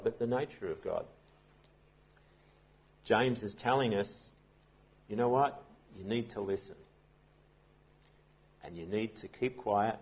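A man's voice: on the low side, a little mellow, slightly rough. A man preaching a sermon as pastor, telling a story in a conversational way with frequent restarts.

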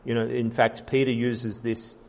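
A man's voice: medium pitch, level tone, normal speed, gravelly. Earnest man preaching a sermon. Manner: earnest preaching, many fillers and restarts, rising emphasis. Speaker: pastor.

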